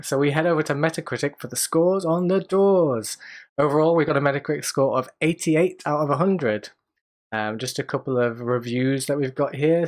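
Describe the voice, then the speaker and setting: A man hosting a casual news roundup podcast, chatty and reading quotes aloud with asides. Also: on the high side. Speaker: podcast host.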